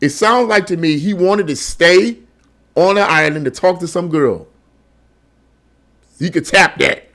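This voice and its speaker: A man's voice: high voice, a little slow, pauses often, fairly bright tone. A man giving a heated commentary monologue on a news article. He stumbles over repeated words and keeps firing off rhetorical questions. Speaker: online political commentator.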